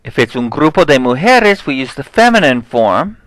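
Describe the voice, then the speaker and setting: A man teaching a Spanish lesson, explaining grammar step by step and checking in with "okay?", saying example words slowly. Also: medium pitch, very animated, a bit bright, no echo, rough recording. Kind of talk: recorded classroom lesson.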